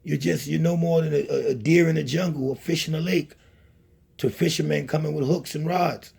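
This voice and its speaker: A man's voice: on the high side, steady tone, a little fast, creaky, darkish tone, breathy edge. A man delivering a scolding, preachy monologue to camera, repeating himself as he lectures. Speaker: channel host.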